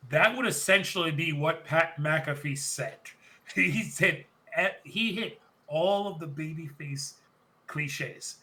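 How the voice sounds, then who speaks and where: Male podcast co-host, slightly high, bright tone, animated casual recaps with lots of laughter. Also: poor audio. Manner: animated, quotes people in quick bursts, laughs often. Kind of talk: casual chat recapping wrestling.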